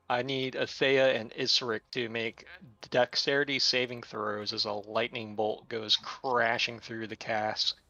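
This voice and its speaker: Bright-voiced man running a tabletop game. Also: medium pitch, measured pace, dull audio. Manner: relaxed, descriptive, with filler words. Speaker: game master.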